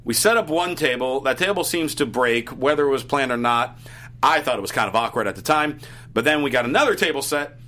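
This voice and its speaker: A man hosting a podcast, casually recapping events in quick, quippy bursts. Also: mid-range voice, animated, sharp tone. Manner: brisk recapping, quick quips. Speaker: podcast host.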